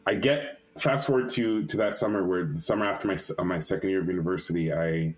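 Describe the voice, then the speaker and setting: Low-voiced man telling his story. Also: fast, low-quality recording. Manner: lively retelling that acts out quotes; frequent restarts and fillers. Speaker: animator guest. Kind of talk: storytelling in an interview.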